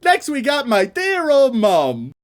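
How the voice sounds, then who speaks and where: A woman co-hosting a comedy podcast, playful and giggly with a drawn-out delivery. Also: high voice, huge pitch swings, soft background music. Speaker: podcast co-host.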